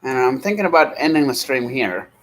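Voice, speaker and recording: A man's voice: medium pitch, animated, fairly bright tone, rough recording. A man in his thirties hosting a live stream, chatting casually and rambling at an easy pace. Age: 30s. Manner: rambling, easygoing, slow when reading names aloud. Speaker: streamer host.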